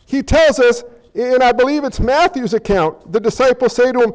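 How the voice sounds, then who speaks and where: A man's voice: extremely high pitch, normal speed, low-quality recording. A man preaching a sermon as pastor, talking conversationally and playfully while questioning his congregation.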